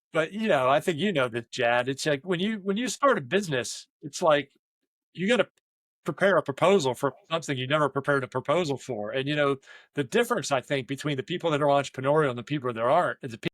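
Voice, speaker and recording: A man's voice: medium pitch, fast talker, fairly bright tone, no echo. A man, a leadership coach and business owner, talking in a candid conversational way, rambling through stories with many restarts and quoted asides.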